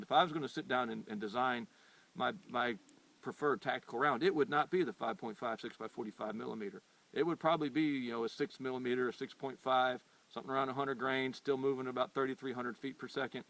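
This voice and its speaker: A middle-aged man from the United States gives an unscripted opinion monologue at a medium pitch. He talks earnestly and insistently, stumbling and repeating words as he goes. The mic sits some distance from him. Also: a bit bright. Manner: earnest and insistent when arguing. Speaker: firearms channel host. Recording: voice picked up from a distance.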